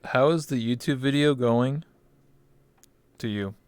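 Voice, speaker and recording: A man's voice: mid-range voice, a little slow, clean tone, no room sound. A man hosting a casual interview, laid-back and swearing freely. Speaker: host.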